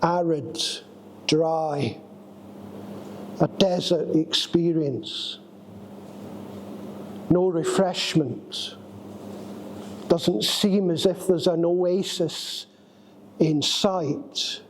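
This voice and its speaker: A man preaching a sermon in a church, telling a personal story with drawn-out, dramatic phrasing. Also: fairly high pitch, fairly even intonation, a little hiss or hum, low-quality recording.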